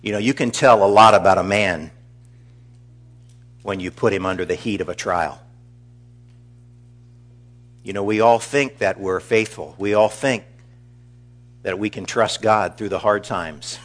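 Middle-aged male pastor, low voice, earnest eulogy delivery. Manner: earnest, measured, warmly storytelling. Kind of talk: funeral eulogy.

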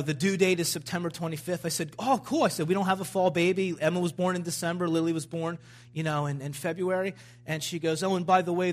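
A man in his thirties preaching, telling a personal story with frequent restarts and rising, animated emphasis. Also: high-pitched. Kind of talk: sermon storytelling.

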